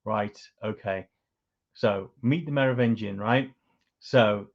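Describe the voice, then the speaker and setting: A man's voice: lowish voice, slow, highs cut off. A man co-hosting a podcast, explaining ideas in a dry, good-humoured way. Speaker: podcast co-host. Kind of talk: casual chat.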